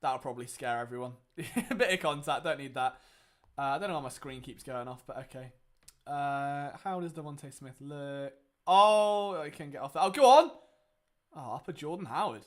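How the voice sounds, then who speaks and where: A young man talks through a live game as he watches, sarcastic and exasperated. He swings from loud outbursts to low mutters. His speaking voice sits fairly high for a man. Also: lively intonation, normal speed. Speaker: sports watchalong host.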